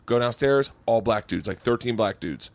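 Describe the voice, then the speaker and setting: A man's voice: medium pitch, moderate pace. A man hosting a podcast, telling a long profane comedic story and acting out the voices of the people in it. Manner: profane, animated storyteller who acts out quotes. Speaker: podcast host.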